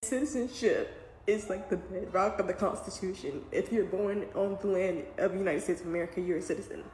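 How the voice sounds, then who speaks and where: A woman speaks as a mother on the verge of tears, earnest and halting as she searches for words. The room has a noticeable echo, and a faint background noise sits under her voice. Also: medium pitch, darkish tone. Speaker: commentator. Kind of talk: emotional video commentary.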